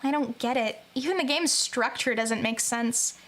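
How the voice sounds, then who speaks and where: High-voiced woman streamer joking through a game. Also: moderate pace. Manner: animated, joking, reads game text aloud. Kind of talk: let's-play commentary.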